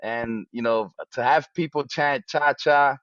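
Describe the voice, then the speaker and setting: Halting man with a muffled, dry sound. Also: mid-range voice, fairly bright tone, dry recording. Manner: halting, many restarts and fillers. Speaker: wrestler, interview guest. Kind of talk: casual interview talk.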